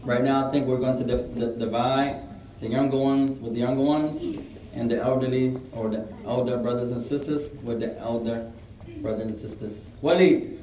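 A man teaching a class, switching between English and Arabic and giving firm, brisk commands to his students. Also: medium pitch, steady tone, warm tone, slight background noise. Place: large echoey classroom full of students. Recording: echoey room, far mic, chattering students.

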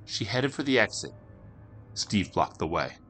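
A man's voice: on the low side, very animated, a little slow, a bit bright, faint music behind. A man narrating a scripted horror story, acting out each character.

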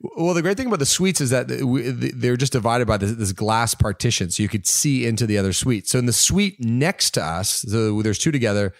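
A man's voice: medium pitch, fairly quick, few pauses, dry recording, clean studio sound. A young adult man from Canada, co-hosting a podcast, telling a story in casual chat, laughing and swearing as he goes. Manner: animated, laughing, swears freely. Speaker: podcast co-host.

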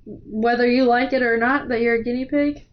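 Woman doing a grounded male doctor, calm, matter-of-fact, dull lo-fi audio. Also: on the high side, moderate pace, natural voice.

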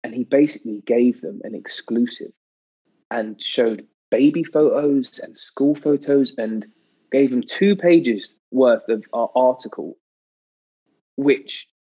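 A British man chatting as a podcast guest, telling stories in a lively way and acting out quotes with sudden pitch jumps. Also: slow pace, husky, muffled recording. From Britain. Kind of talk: casual anecdotal chat.

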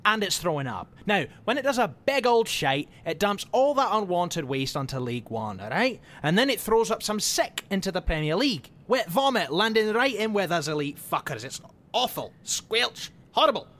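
An actor plays a crude football club insider who swears freely and needles everyone with sarcastic banter. His pitch jumps about as he mocks people, in the style of a comedy audio drama. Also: sing-song, moderate pace, hardly any pauses, fairly bright tone. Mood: scornful.

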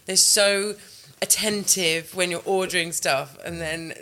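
Casting: woman comedian, bright clear tone, lively anecdotal chat. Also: fairly low pitch, unhurried. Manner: animated storytelling, acts out voices. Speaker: guest comedian. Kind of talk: casual podcast chat.

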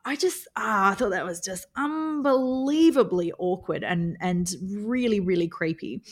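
A woman's voice: mid-range voice, animated, unhurried. A woman co-hosting a podcast, talking frankly with lots of fillers and laughing often. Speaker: podcast co-host. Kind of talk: casual review chat.

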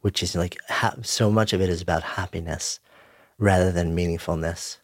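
A man hosting an interview, asking questions and reflecting in a measured, thoughtful way. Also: low-pitched, steady tone, no room sound, studio quality. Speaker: host.

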